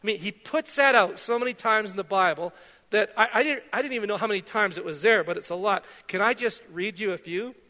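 A middle-aged pastor from Canada delivers a relaxed, conversational sermon with a high, bright, forceful voice. He tells anecdotes and pokes fun at his own slips. His voice rings out with the long reverb of a church hall. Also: brisk. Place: church sanctuary.

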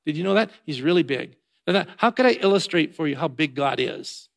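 A male preacher giving a sermon, shifting between loud emphatic lines and quiet, low passages, with repeated rhythmic phrases. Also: animated, a little fast, gravelly.

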